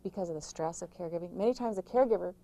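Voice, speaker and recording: A middle-aged woman, an author, giving emphatic, rapid-fire caregiving advice in an interview, with frequent restarts. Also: on the low side, warm tone, rough recording. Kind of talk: interview answers.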